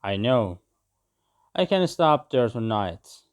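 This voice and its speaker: A man voicing a small, gentle male parrot who is lost and homesick, speaking in a lightly raised, earnest voice. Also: mid-range voice, sing-song, slow pace, smooth. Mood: hopeful.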